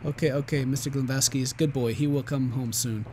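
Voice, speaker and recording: A man reading out a game's worried, apologetic landlady, talking in halting broken English. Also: medium pitch, steady tone, background noise, natural voice.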